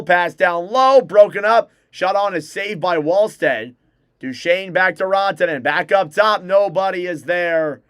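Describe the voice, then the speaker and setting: A man's voice: sits high, a bit bright, clean tone, dry recording, studio quality. A young man hosting a fan livestream, giving live hockey play-by-play and calling out player names as the action moves. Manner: rapid name-calling play-by-play, self-correcting.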